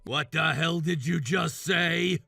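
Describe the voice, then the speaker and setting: A man voicing a demanding, sexist jobless brother-in-law in his thirties for a text message story, yelling orders and insults. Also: a little high, takes it slowly, gravelly, breathy edge, no room sound, soft background music, full character voice. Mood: angry. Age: 30s.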